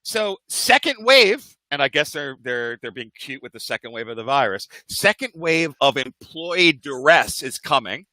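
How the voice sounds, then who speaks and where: A man co-hosting a podcast in casual chat, animated and firing off rhetorical questions. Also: mid-range voice, moderate pace, hardly any pauses, dry recording. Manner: animated, jumps between topics with rhetorical questions. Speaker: podcast co-host.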